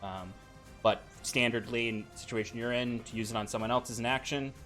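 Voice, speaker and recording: A man acting as game master, laying out rules and narrating in a relaxed way and laughing often. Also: mid-range voice, fairly quick, soft background music.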